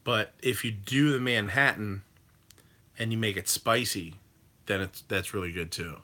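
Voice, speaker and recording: Man, livestream host, casual rambling chat, bright forceful voice, curses, lots of fillers. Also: fairly low pitch, unhurried. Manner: rambling, loose, with swearing and many fillers; reacts to viewer comments.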